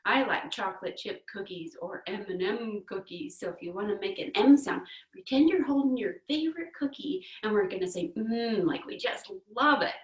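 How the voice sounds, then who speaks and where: A young woman guiding children through breathing exercises and yoga poses in a gentle, encouraging, playful way. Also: mid-range voice, lively intonation, normal speed, hardly any pauses, distant mic. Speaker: kids yoga teacher. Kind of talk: guided kids yoga instruction. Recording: echoey room, away from the mic.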